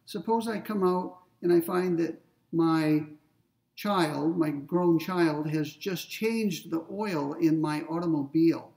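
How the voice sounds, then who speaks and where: Recorded far from the mic, a man with a slightly high, creaky voice and a darkish tone speaks at a slow pace. He's giving a recorded ethics lecture in philosophy, explaining step by step with everyday examples and checking in with his listeners.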